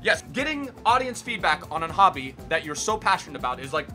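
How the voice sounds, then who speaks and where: A young man chats through a casual vlog Q and A from his bedroom, talking fast in a bright, forceful voice. He keeps it loose and energetic, jumping into loud excited bursts, with faint music under him. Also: fairly high pitch. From Miami, United States. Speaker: gaming YouTuber host. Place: bedroom at home.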